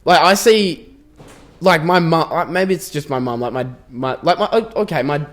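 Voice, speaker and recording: A man's voice: on the high side, normal speed. A young man, co-hosting a casual podcast chat, rambling and restarting his sentences. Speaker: podcast co-host.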